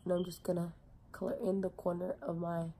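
A woman's voice: on the low side, flat delivery, a little fast, dark tone, a little hiss or hum. A young woman talking casually through a makeup tutorial in a chatty, filler-heavy way, with some swearing. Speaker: beauty vlogger.

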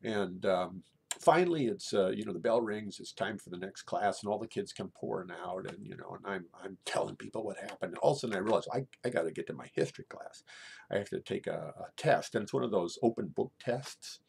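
A middle-aged man telling a true personal story in a halting way, often repeating and restarting his words. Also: deep voice, vocal fry, darkish tone, husky.

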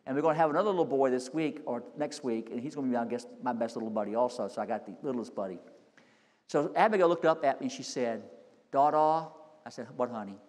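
A middle-aged man, a senior pastor, preaching a sermon with folksy stories that climb into loud, emphatic peaks. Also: mid-range voice, fast. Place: church sanctuary. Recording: long hall reverb.

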